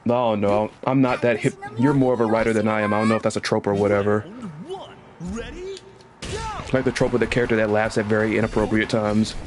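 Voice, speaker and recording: A man streaming a fighting game, chatting to his viewers, laughing hard and teasing opponents with high, drawn-out catchphrases. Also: little pitch movement. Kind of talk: casual gameplay commentary. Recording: game music behind. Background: fighting game music.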